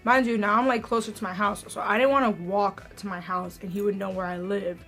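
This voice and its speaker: A young woman chatting through a story for her vlog, filling her talk with "like" as she goes. Her voice sits at a middling pitch, with faint music in the background. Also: fairly even intonation, brisk, a bit bright. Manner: chatty, many "like" fillers. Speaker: vlogger. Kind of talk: casual story time.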